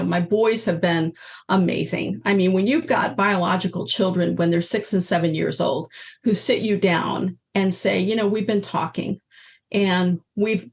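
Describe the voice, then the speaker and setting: Gravelly-voiced woman in her sixties. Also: fairly low pitch. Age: 60s. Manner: animated storyteller, acts out quoted voices. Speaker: guest, energy healer and teacher. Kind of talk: casual storytelling interview.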